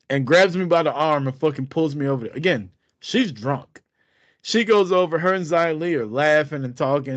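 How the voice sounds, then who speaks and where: A man's voice: mid-range voice, normal speed, no echo. A man in his thirties, co-host of a podcast, telling a story casually with lots of laughter and swearing. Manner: profane, laughing, animated storytelling.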